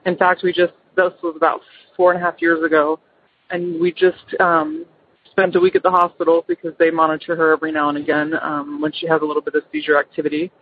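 A woman's voice: low-pitched, flat delivery, fast talker, a little hiss or hum. A middle-aged mother calling in to tell a personal ghost story, hesitant, with many ums and restarts. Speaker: caller. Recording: phone line.

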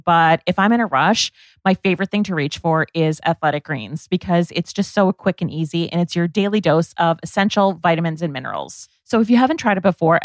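A woman co-hosting a podcast, her voice sitting a little low for a woman. She talks in an upbeat, chatty way. The sound is dry and close, with no room sound. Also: dry recording. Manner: upbeat, conversational, sometimes says "like". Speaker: podcast co-host. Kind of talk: podcast intro and host-read ad.

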